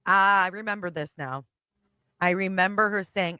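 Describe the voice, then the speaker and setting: A woman's voice: on the low side, normal speed, pushed and bright, smooth, no echo. A woman co-host reacting bluntly to a video, talking casually and swearing freely. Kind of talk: casual commentary.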